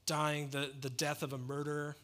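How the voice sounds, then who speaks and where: A man's voice: a little high, level tone, moderate pace, fairly bright tone. A man preaching a sermon in an earnest, emphatic way, asking rhetorical questions and answering them. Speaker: pastor.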